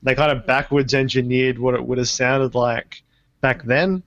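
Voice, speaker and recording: A man's voice: mid-range voice, level tone, moderate pace, fairly bright tone, no room sound, muffled recording. Rambling, laughing man on a podcast. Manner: rambling, laughs often, trails off mid-sentence. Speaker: podcast co-host. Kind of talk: casual comedic chat.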